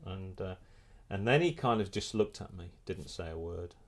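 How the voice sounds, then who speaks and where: Animated man telling a story. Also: deep voice, moderate pace. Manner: animated storyteller, many restarts. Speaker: photographer and filmmaker. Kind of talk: casual anecdote in an interview.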